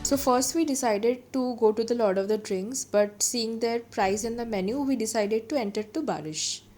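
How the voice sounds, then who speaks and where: A woman's voice: fairly high pitch, moderate pace, loud music behind the voice. A woman food vlogger with an Indian English accent, narrating in a chatty, friendly way with frequent fillers. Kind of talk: casual vlog narration.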